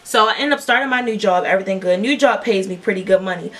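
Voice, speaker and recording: A woman's voice: mid-range voice, quick pace, a bit bright, recorded from a distance, a little hiss or hum. A young woman telling a long, profane storytime while doing her makeup, rambling with lots of fillers. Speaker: beauty vlogger.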